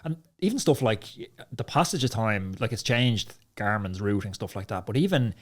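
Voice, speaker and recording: A man hosting a podcast, telling lively stories in casual chat and laughing often. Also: fairly low pitch, normal speed. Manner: animated storyteller, laughs often. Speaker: podcast host.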